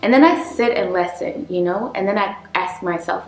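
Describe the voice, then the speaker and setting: A woman's voice: lowish voice, moderate pace. A woman vlogger talking casually about self-help and spirituality, acting out the inner dialogue she has with herself. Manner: reflective, acts out her inner dialogue. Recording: echoey room.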